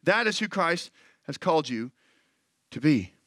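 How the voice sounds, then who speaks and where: A man in his thirties preaching a sermon as pastor, animated and acting out quoted voices. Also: fairly high pitch, a little slow, no echo.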